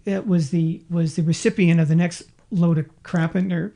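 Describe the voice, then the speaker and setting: Man, podcast co-host, casual chat, rambling, animated storytelling. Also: on the high side, normal speed.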